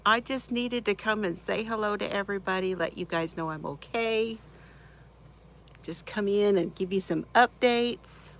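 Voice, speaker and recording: A woman hosts a casual crafting live stream from her chair at home, greeting viewers by name and laughing often. Her voice is medium-pitched at a normal speed, and the recording quality is low.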